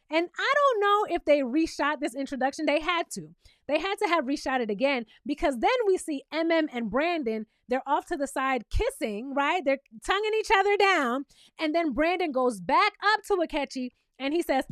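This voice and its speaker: A sassy woman recaps a reality show in a casual, animated way, with a high voice. She jumps between her own comments and mock quotes. The sound is dry and close, with no room echo. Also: fairly quick, faint music behind.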